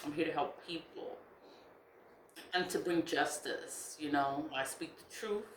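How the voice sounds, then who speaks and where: A woman's voice: low voice, measured pace. Giggly rambling woman in an echoey room. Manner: rambling, repetitive, bursts of giggling laughter, swears. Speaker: self-styled witch vlogger. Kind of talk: casual monologue to camera. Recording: echoey room with faint background noise.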